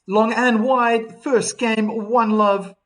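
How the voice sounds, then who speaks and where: High-voiced chatty male tennis streamer. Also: steady tone, slow pace, a bit bright. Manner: chatty, reads viewer comments between points. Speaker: live stream tennis commentator. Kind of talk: live streaming commentary.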